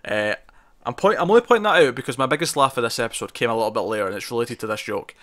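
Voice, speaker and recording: A man's voice: medium pitch, lively intonation, rapid-fire, a bit bright. A man co-hosting a casual TV review discussion, chatty, with many fillers and restarts. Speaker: podcast co-host.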